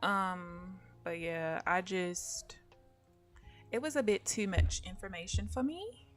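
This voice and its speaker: A woman's voice: on the low side, slow pace, soft background music. A woman day trader talking casually and thinking aloud during a live stream from home. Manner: relaxed, rambling, thinking aloud.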